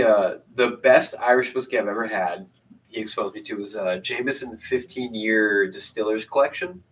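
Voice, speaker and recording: A man's voice: fairly low pitch, bright, forceful tone. A man in a casual whiskey tasting chat at a bar, confident and opinionated, heard from a distant mic.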